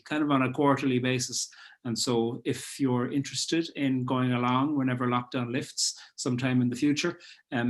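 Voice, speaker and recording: A male host chatting casually over a video call, relaxed and hesitant with frequent ums. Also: mid-range voice. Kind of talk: casual chat.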